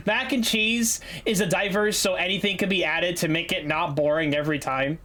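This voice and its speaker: A man's voice: high-pitched, fairly even intonation, normal speed, pushed and bright, a little hiss or hum. A young man from Massachusetts with a light local accent, chatting loosely as a game streamer, rambling and joking with some swearing. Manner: rambling, joking, profane, laughs often. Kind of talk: casual gaming stream chat.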